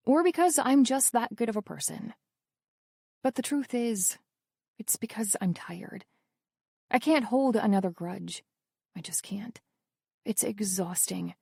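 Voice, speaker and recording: Lively, wry female audiobook narrator. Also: mid-range voice, no echo, clean studio sound. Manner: wry, intimate storytelling. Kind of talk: first-person romance audiobook narration.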